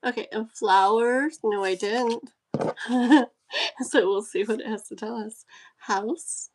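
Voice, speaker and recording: Woman live-stream host, casual card-reading chat, giggly and effusive, higher pitch. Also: slow. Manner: giggly, gushing and easily excited.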